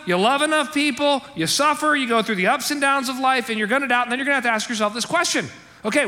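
A man preaching to his congregation in a high, bright voice. He talks in a chatty, emphatic way and keeps checking in with "okay?" and "right?". The sound carries the long reverb of a church hall. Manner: conversational, emphatic, frequent "okay?" and "right?" asides. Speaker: pastor. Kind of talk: sermon. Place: church sanctuary.

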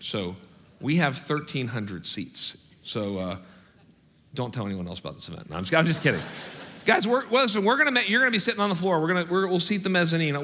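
A middle-aged male pastor preaching and giving church announcements, animated, swinging from loud rallying calls to quiet asides. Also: mid-range voice. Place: large church auditorium. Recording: hall reverb in a large auditorium.

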